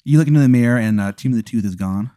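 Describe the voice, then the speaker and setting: A man's voice: medium pitch, racing, dark tone, dry recording, studio quality. A man improvising as game master, rambling through the story with fillers and laughs. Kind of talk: improvised tabletop narration.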